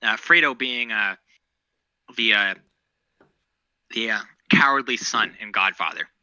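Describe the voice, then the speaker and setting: A man's voice: on the low side, unhurried, sharp tone, clear, resonant tone, dry recording, highs cut off. A man co-hosting a podcast, chatting casually about current events in a rambling, profane, opinionated way. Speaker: podcast co-host.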